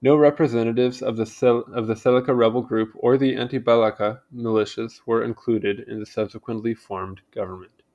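A man's voice: mid-range voice, fairly even intonation, a little fast, a little mellow, lo-fi sound. A man casually reading a history article aloud, stumbling over names and adding chatty asides. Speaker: channel host reading aloud.

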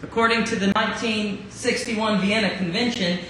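A man preaching a sermon as pastor, dramatic, with rhetorical questions and drawn-out emphasis. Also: sits high, fairly even intonation, sharp tone. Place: church sanctuary. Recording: very echoey hall, faint noise.

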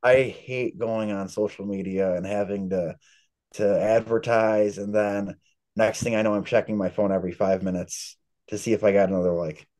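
A man's voice: fairly low pitch, steady tone, normal speed, darkish tone. A man being interviewed as an author, telling long, rambling stories in a casual chat. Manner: chatty, rambling storyteller. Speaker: author guest.

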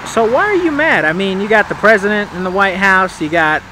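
A man's voice: on the high side, animated, moderate pace, pushed and bright, a little hiss or hum, poor audio. A man doing an earnest documentary interviewer. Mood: pushy. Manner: earnest, awkward, probing questions. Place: outdoors on a city street.

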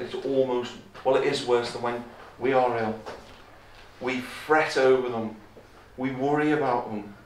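A man's voice: mid-range voice, a little hiss or hum. A man preaching a sermon, emphatic, repeating key phrases and raising his voice when he quotes scripture. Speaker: visiting preacher. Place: chapel. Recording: echoey chapel, from far off.

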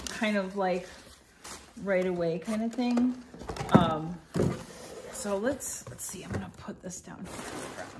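A woman's voice: mid-range voice, background noise. A middle-aged woman chatting casually through an unboxing at home, meandering with fillers and self-corrections. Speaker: vlogger reviewing a subscription box.

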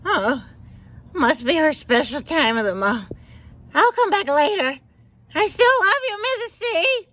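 A woman playing a cheeky neighbor boy who mooches food, speaking slowly and deadpan. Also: on the high side, heavily acted. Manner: slow, gravelly deadpan.

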